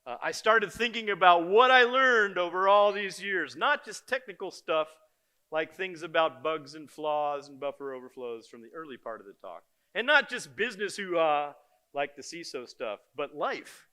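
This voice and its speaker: Older guy doing a conference keynote, jokey and blunt, bright punchy voice. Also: fairly high pitch, normal speed. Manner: lively, joking, blunt storyteller. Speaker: keynote speaker. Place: conference stage before an audience.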